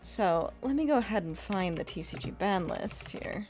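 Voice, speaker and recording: Woman doing a soft motherly voice. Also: medium pitch, animated, normal speed, over music, lightly acted. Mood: gentle. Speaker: game streamer. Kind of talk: casual live-stream chat.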